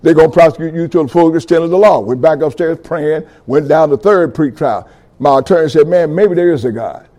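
A middle-aged man giving a fervent testimony sermon, calling out to his audience and building to loud passages. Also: on the high side, brisk. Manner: call-and-response with audience, rising fervor.

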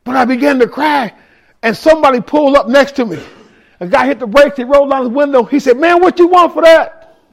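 A man with a strikingly high voice delivers a testimony sermon to his congregation. He talks in a raw, street-casual way and speaks straight to the people in the room. His telling turns openly emotional and swells into shouts. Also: fast talker, gravelly. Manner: addresses listeners directly in the room. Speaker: ministry speaker giving testimony.

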